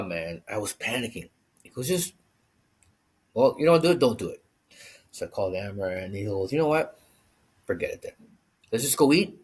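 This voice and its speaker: Casting: deep, husky man, animated storyteller, throws on voices for quotes. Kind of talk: casual storytelling.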